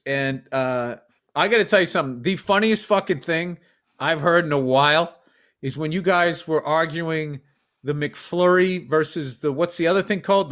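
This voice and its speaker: High-voiced man in profane podcast banter. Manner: profane, animated storytelling. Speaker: podcast co-host. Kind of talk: casual podcast chat.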